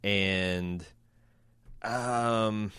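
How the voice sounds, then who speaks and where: A man's voice: fairly low pitch, steady tone, very slow, a bit bright, clean tone, dry recording, studio quality. A man co-hosting a podcast in casual chat, rambling and joking with plenty of swearing. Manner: loose, rambling, swears and jokes. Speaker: podcast co-host.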